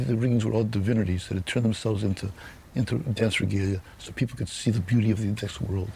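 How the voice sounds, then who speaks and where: A low, gravelly voice from an older man who tells his stories slowly and reflectively. His speech is weak and unsteady from Parkinson's, stuttering and repeating words, and the tone is dark and mellow. Faint hiss sits under the recording. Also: fairly even intonation. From United States. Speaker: author and publisher. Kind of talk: personal storytelling to camera.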